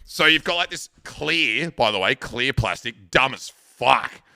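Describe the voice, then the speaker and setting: Aussie guy in his 30s, super bright crisp voice, crude rambly stories, swears a lot. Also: medium pitch, lively intonation, a little slow, dry recording, studio quality. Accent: Australian. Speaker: live streamer. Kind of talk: casual chat with stream viewers.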